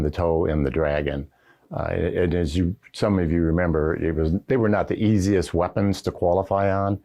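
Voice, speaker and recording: An older man with a mellow bass voice, a retired Marine general, tells folksy anecdotes in a recorded oral history interview, full of "uh" and "you know." It's a camera setup with the interviewer behind it.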